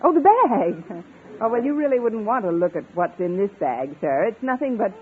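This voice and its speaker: An actress playing a quick-witted, wisecracking woman English teacher in a 1950s radio comedy. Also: fairly high pitch, very animated, breathy edge. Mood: playful. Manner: wisecracking, playful. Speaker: schoolteacher. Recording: tinny old radio broadcast with studio audience laughter.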